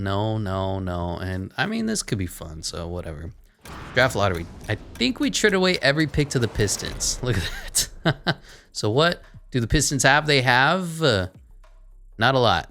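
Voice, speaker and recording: A man commentating over a basketball video game, sarcastic and deadpan, with quick offhand asides. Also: on the low side. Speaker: gaming commentator.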